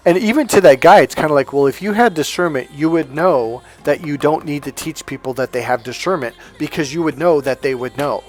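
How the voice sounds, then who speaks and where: A man giving a casual spiritual monologue as a coach, animated and self-assured, often laughing at his own points. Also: on the high side, a little fast, few pauses, faint music behind.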